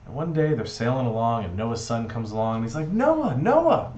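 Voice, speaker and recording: A man's voice: mid-range voice, quick pace, darkish tone, a little hiss or hum. A man giving a storytelling reflection, playful and earnest. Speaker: speaker giving a Shabbat reflection. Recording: dull echoey room recording.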